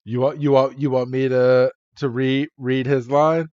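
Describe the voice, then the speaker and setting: A man's voice: mid-range voice, flat delivery, measured pace, darkish tone, no echo, highs cut off. A man co-hosting a podcast, retelling a cartoon episode with laughs and mocking comments. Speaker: podcast co-host. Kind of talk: casual recap chat.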